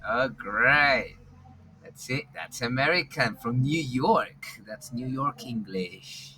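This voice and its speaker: A man teaching an online language class, repeating his instructions in an animated way and laughing often. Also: medium pitch, slow, low-quality recording.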